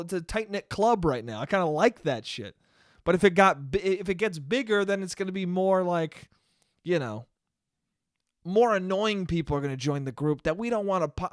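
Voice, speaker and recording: A man's voice: sits high, animated, moderate pace, dry recording, studio quality. A young man hosting his own podcast, talking in a heated, profane and emphatic rant. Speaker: podcast host.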